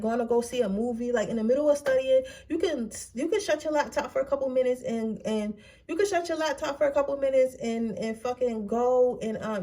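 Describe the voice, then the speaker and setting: A woman's voice: a little high, mellow. A young woman giving a casual pick-a-card tarot reading, blunt, slangy and full of profanity. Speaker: tarot reader.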